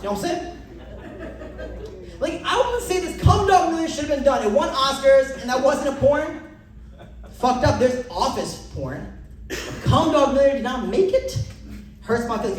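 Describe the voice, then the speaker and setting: A brash young man doing stand-up crowd work, loud and swinging his pitch for bits, recorded from far off in an echoey comedy club.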